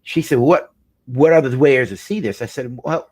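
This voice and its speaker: A man's voice: medium pitch, moderate pace, darkish tone, breathy edge. A middle-aged male marriage counselor telling a client story in an earnest, emphatic way, often repeating phrases for weight. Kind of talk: storytelling talk.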